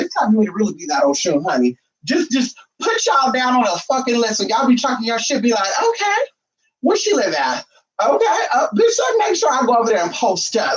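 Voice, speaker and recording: Sassy, brash vlogger heard from a distance. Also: slightly rough. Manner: sassy, brash and profane, with sudden high outbursts. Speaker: spiritual vlogger. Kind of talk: casual chat to viewers. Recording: distant, dull lo-fi sound.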